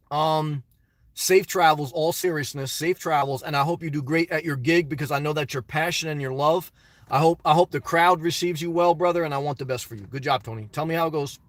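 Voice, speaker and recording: A man's voice: on the high side, dry recording. A middle-aged man chatting casually on a live stream from his parked car, reading out viewers' messages and calling them brother.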